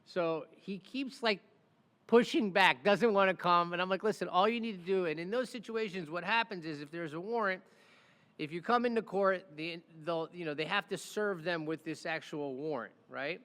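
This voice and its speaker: A high-pitched man tells stories on his podcast in an animated, chatty way, often checking in with "right?". His voice rings with a long reverb, as if he is in a large, echoey room. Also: moderate pace. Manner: animated, keeps asking "right?" and acts out the people in his stories. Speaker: criminal defense attorney and podcast host. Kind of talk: casual storytelling chat.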